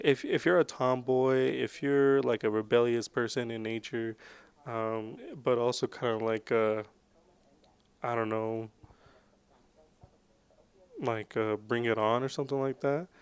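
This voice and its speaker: Laid-back rambling man, smooth dry voice. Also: mid-range voice, fairly even intonation, unhurried, long pauses, dry recording. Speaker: vlogger recapping movies. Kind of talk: casual movie recap.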